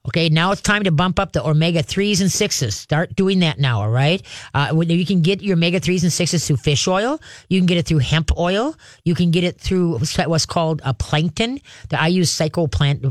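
A man's voice: on the high side, lively intonation, moderate pace, no echo, studio quality. A man hosting a call-in radio show about dogs, giving folksy, chatty advice and checking in with "okay?" and "all right?" as he goes. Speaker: radio show host, dog trainer.

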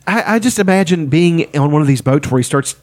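A man's voice: fairly high pitch, expressive, a little fast. A man co-hosting a podcast, rambling in casual chat, swearing freely and laughing often. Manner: profane, rambling, laughing a lot. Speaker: podcast co-host.

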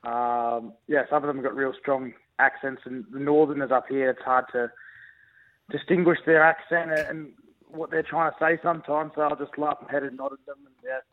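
A man's voice: mid-range voice, fairly even intonation. Young Australian man on a tinny phone line. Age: young adult. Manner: easygoing, halting with many ums and restarts. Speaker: rugby league player interviewed by phone. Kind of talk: casual phone interview.

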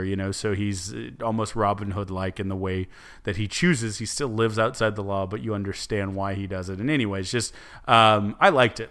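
Rambling low-voiced man on a podcast. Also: a bit bright. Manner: rambling, restarts often, many "like"s and "um"s. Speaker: podcast co-host. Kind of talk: casual podcast chat.

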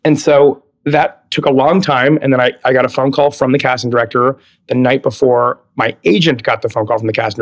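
Male guest, 30s, from California; expressive anecdote teller who laughs a lot and acts out dialogue. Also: medium pitch. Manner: animated storyteller, laughs often, acts out quoted dialogue. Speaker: guest, Broadway actor. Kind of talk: casual interview chat.

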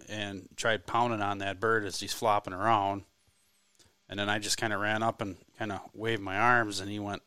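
A man's voice: lowish voice, flat delivery, moderate pace, sharp tone, clean tone, no room sound. A man from the telling a hunting story in a laid-back, self-deprecating way on a podcast. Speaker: co-host, hunter. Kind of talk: casual storytelling chat.

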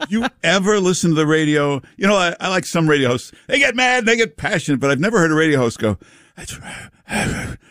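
Male talk radio host, mocking banter, lively and expressive, dry close mic. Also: fairly high pitch, fast talker, hardly any pauses, no echo. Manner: sarcastic, mocking, lively delivery. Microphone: studio microphone.

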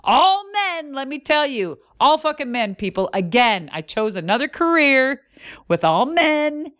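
A middle-aged woman hosting a podcast, telling a racing story in a lively, profane way with vocal sound effects. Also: high voice, measured pace. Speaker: podcast host and former monster truck driver.

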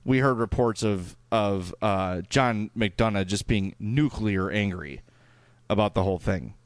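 A man's voice: on the low side, a little slow, no room sound. A man with a Chicago accent, co-hosting a hockey podcast in casual chat and reading out listener emails with frequent "uh" fillers. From Chicago area. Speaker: podcast co-host.

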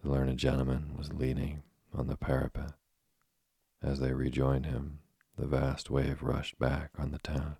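A man narrating a storybook in a steady, measured reading. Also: extremely low pitch, creaky, husky, dry recording, studio quality. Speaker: audiobook narrator.

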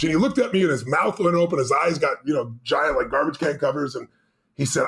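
A man telling a story as a podcast guest, animated and emphatic, acting out the quotes. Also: a little high, quick pace.

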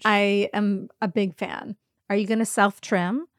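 A woman's voice: medium pitch, flat delivery, a little slow, no echo. Woman podcast co-host, eager casual chatter, dry remote recording. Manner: enthusiastic, laughs often. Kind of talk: casual chat. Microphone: remote recording, dry sound.

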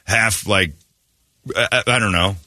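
Loud jokey male radio host. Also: on the low side, a little slow, dry recording. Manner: loud, jokey and irreverent, swings into put-on quote voices. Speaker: radio morning show host. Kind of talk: casual radio banter. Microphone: studio microphone. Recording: dry radio studio.

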